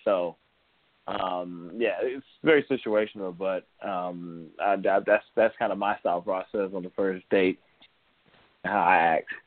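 Casual male co-host, low-pitched, rambly and laughing, lo-fi tinny dry audio. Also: unhurried, no echo. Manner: rambling, laughs often, many restarts. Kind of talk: casual chat. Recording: tinny phone-like sound.

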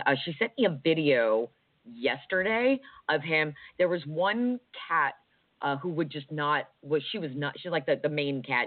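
A woman's voice: deep voice, no room sound. A woman co-hosting a talk radio show, chatting in a rambling way with many fillers. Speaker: radio co-host. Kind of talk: casual talk radio chat. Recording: tinny phone-like dry sound.

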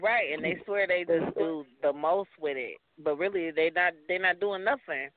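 A man's voice: fairly high pitch, moderate pace. A man co-hosting a radio talk show, chiming in bluntly with short reactions and crude banter. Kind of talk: casual comedic banter. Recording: dry phone-like radio audio.

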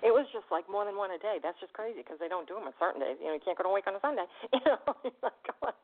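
A woman hosting a radio show, chatting with a caller and telling stories in a lively way, laughing often. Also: mid-range voice. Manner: fast, animated storytelling, laughs often. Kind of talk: casual radio interview chat. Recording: tinny phone line.

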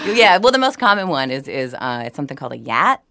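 A woman's voice: extremely low pitch, very animated, fast, noisy background. A woman from New Orleans, a voice actor guest, tells eager stories with frequent self-restarts in a casual podcast chat.

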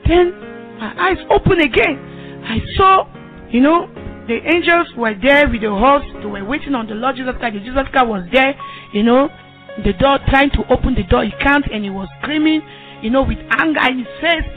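A woman's voice: high-pitched, moderate pace. A woman giving an emotional religious testimony, pleading and repeating herself, at times tearful. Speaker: testifying believer. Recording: tinny phone line with faint music.

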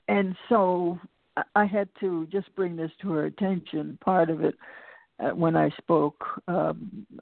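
Heard over a tinny, phone-like line with a dry, close sound and no room sound, an older singer and lecturer talks as an interview guest in a low, gravelly, textured voice. She tells stories reflectively and conversationally, wandering onto tangents and restarting before returning to her point.

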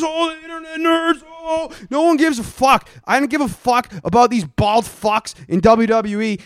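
A man's voice: high voice, a bit bright, no room sound, studio quality. A young man doing an aggressive, mocking, profanity-heavy comedic rant as a wrestling pundit character.

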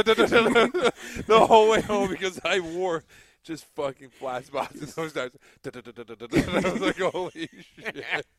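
A man's voice: sits high, fairly bright tone. A man co-hosting a podcast in a gym, joking around and laughing through his story. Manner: laughing, interjecting. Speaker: podcast co-host. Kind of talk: casual banter. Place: gym, inside a fighting cage.

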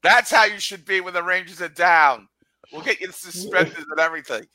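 A man's voice: high voice, a little fast, pushed and bright, poor audio. A man co-hosting a sports talk radio show, teasing and ribbing his co-hosts in casual banter. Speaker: co-host.

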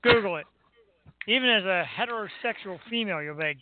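A man's voice: high voice, lively intonation, quick pace, a little hiss or hum. A man co-hosting a casual chat, joking and teasing. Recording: tinny phone-like line, dry.

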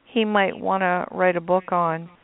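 A woman's voice: fairly low pitch, steady tone, measured pace, crowd noise. A woman hosting an interview, encouraging her guest with frequent affirmations. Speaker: host. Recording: phone line, dry.

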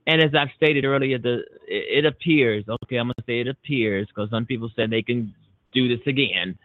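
A man hosts a political talk radio show, hammering his points home with emphatic, repeated declarations. His voice sits at a middling pitch and comes through a narrow, tinny phone-like line. The sound is dry, with no room around it. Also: brisk, no room sound. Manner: emphatic, repetitive, punchy declarations. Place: Chicago-based internet radio show.

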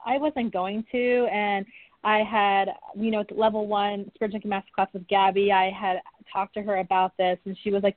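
A woman appears as a podcast guest to talk candidly about her book, open, earnest and warm-hearted in her storytelling. Her mid-range voice has a flat delivery at a moderate pace, coming through a dry, tinny phone line with no room sound.

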